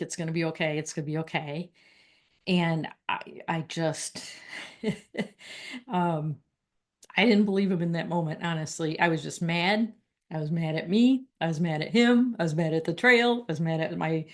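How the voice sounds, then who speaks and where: A woman telling a personal story in a casual, earnest and reflective way, halting and restarting as she goes. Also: fairly low pitch.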